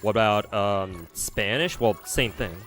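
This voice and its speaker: A man's voice: fairly low pitch, measured pace, fairly bright tone, faint music behind. A young man chatting casually as a streamer, answering viewers with lots of fillers and restarts. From United States. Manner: rambling, many fillers and restarts.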